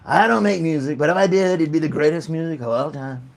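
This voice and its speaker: A man's voice: on the high side, fast, gravelly. A man hosting a casual morning chat show, joking and laughing often while a pet clings to his arm. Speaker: host.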